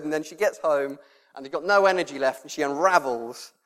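A male preacher, giving a sermon with lively storytelling and laughter. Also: on the high side, fast. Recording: long reverb in a hall.

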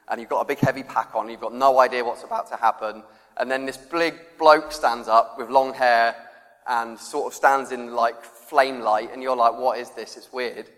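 A man's voice: medium pitch, fairly bright tone. A man preaching a conversational sermon, acting out quoted voices and laughing often. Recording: long reverb of a church hall.

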